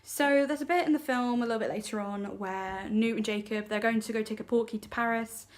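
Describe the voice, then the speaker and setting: A woman's voice: fairly high pitch, a little fast. A young woman giving a casual film review vlog, gushing and giggly, and rambling with lots of fillers. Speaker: vlogger.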